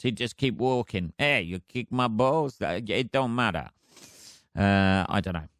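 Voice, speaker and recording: A man's voice: fairly low pitch, dry recording, clean studio sound. A man hosting a solo podcast, rambling casually with heavy swearing and chuckles. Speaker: podcast host.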